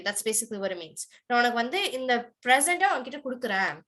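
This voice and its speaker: Young female tutor on a call, rapid and informal, lots of fillers and restarts, high voice. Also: lively intonation, bright, forceful tone. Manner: fast, loose, with many fillers and restarts. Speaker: online tutor. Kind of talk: casual online class, mixing English and Tamil.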